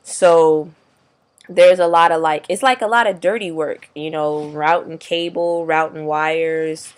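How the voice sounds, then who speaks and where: A man's voice: on the high side, fairly even intonation, a little slow, clear, resonant tone. A young man vlogging casually, rambling in slangy, profane talk. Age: young adult. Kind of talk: casual video diary.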